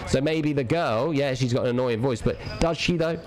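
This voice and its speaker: A man's voice: mid-range voice, moderate pace. A young man streaming a game, ranting casually, profane and rambling with lots of restarts. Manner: rambling, profane, repeats himself.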